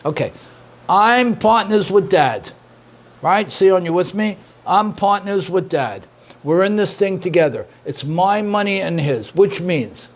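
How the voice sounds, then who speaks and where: Man, middle-aged, rabbi, teaching a class, lively, repetitive, encouraging, slightly high voice. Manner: lively, repeats points, praises students' answers. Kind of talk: interactive Torah class.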